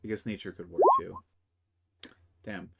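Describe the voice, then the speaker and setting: A man's voice: sits low, steady tone, a little slow, vocal fry, heavy background noise. Casual, cursing man running a game. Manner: casual and profane, with many fillers. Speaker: game master. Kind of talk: narrating a tabletop game.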